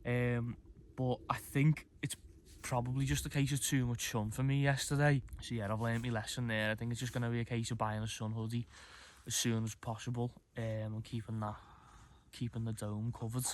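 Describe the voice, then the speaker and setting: A man's voice: medium pitch, little pitch movement, normal speed. A man, chatting casually and rambling a little to camera at a mountain camp in the morning. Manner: chatty, rambling, self-deprecating. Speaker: camping vlogger. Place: outdoors on a mountain campsite.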